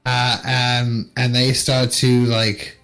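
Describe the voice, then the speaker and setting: A man narrating as game master of a tabletop game, in an unhurried, halting manner with many fillers. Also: medium pitch, completely flat delivery, gravelly, fairly bright tone, soft background music, poor audio.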